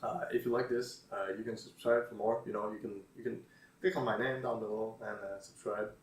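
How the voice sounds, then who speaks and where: A man's voice: lowish voice, steady tone, a little fast. Guy rambling about tweets, lots of uhs, dry sarcastic jokes, echoey room, mic kinda far. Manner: hesitant, many fillers, dry sarcastic asides. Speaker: YouTuber reading tweets. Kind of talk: casual commentary. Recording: roomy echo, distant mic.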